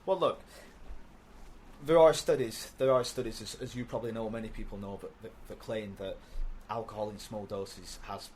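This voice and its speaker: A man's voice: on the low side, steady tone, moderate pace, a little mellow, a little hiss or hum. A man with a British accent talking casually as a guest, often repeating words and laughing as he goes. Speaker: podcast guest. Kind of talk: casual conversation.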